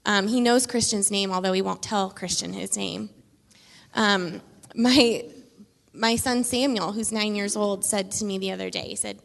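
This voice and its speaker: A woman in her thirties, a children's pastor, telling chatty, expressive stories on stage in a church. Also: medium pitch, normal speed, creaky. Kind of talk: casual stage conversation in church. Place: church sanctuary. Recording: long reverb of a large hall.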